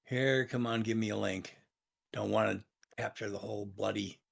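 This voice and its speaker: A man's voice: fairly low pitch, fairly even intonation, normal speed, gravelly. A British man co-hosting a casual livestream chat, chatty and wry. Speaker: podcast co-host.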